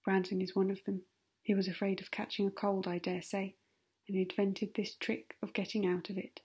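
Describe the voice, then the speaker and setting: A woman voicing a charming, sardonic young gentleman who talks in a mocking, confiding way, in a whispered role-play. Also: mid-range voice, little pitch movement, normal speed, slightly rough, lightly acted.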